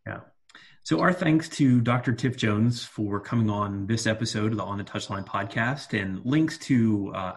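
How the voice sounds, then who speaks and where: A man's voice: lowish voice, gravelly, breathy edge. A man co-hosting a coaching podcast, talking in an earnest, reflective way with frequent fillers and restarts. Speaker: podcast co-host, soccer coach. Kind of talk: casual podcast chat.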